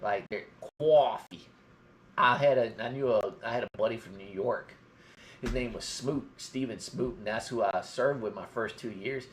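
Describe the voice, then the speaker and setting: A man's voice: on the low side, normal speed, a bit bright, slight background noise. A middle-aged man from Georgia with a mild Southern drawl, telling rambling stories in a casual live-stream chat. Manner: rambling storyteller.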